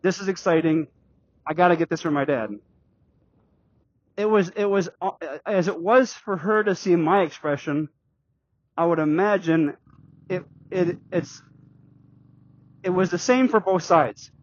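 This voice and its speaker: A middle-aged man vlogging while riding a bike, telling a personal story in a halting, rambling way with many restarts and fillers. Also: fairly high pitch, lo-fi sound. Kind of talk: casual storytelling vlog. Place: outdoors on a bike.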